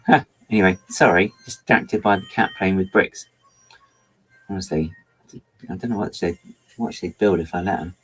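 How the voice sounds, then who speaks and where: A man's voice: low voice, moderate pace, pauses often, breathy edge, poor audio. A middle-aged man chatting casually while he builds with LEGO on a livestream, rambling and often stopping himself to apologise. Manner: rambling, self-interrupting, apologetic.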